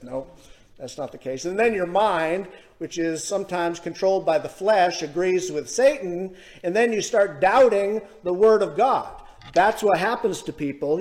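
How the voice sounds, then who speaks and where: A man with a high, light voice preaches from the pulpit. He speaks earnestly and drags out key words for emphasis. He often asks questions of his listeners. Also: darkish tone. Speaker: pastor. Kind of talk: sermon.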